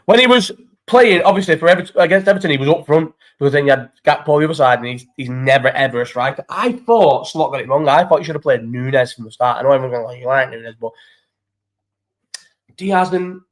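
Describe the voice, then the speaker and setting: Sweary man, higher voice. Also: fast. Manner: sweary, rambling, excitable banter. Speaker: live stream host. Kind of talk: casual live chat reading out viewer comments. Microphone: phone.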